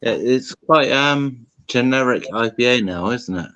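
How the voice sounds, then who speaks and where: A man's voice: mid-range voice, animated, measured pace, muffled recording, background noise. A man with a Yorkshire accent, a guest in a casual chat over beers, giving easygoing, brief replies.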